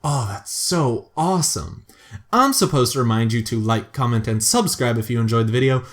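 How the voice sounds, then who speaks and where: A man hosting a casual let's-play, talking through his moves in a chatty, self-mocking way with excitable bursts. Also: mid-range voice, normal speed. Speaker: gaming video host.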